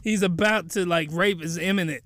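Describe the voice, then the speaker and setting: High-voiced man, jokey rambling anime recapper, dry close sound. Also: normal speed, fairly bright tone, no echo. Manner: rambling, incredulous, joking. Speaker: anime reviewer.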